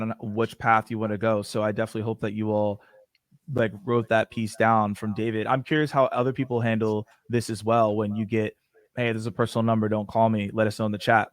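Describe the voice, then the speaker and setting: A man's voice: on the low side, no echo. A man co-hosting a sales webinar, giving confident, casual advice and acting out sample phone lines. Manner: confident, explanatory, acts out example phone lines.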